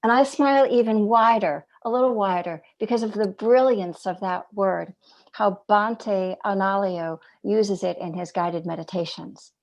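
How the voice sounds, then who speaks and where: A woman giving a reflective dharma talk as a meditation teacher. She speaks gently and in a measured way, asking rhetorical questions and dropping some phrases to a near whisper. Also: medium pitch.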